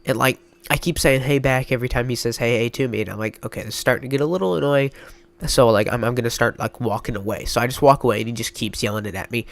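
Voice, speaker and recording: A man's voice: medium pitch, fast talker, vocal fry. Young man with a stuffed-up nose. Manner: rambling, mock-dramatic storytelling with filler words. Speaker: YouTuber. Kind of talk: storytime vlog.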